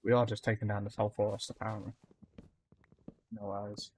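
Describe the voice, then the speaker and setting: A man's voice: fairly low pitch, monotone, brisk, slight background noise. A man streaming a game live, chatting casually with his viewers and greeting them by name, with plenty of ums. He says his accent can be hard to follow.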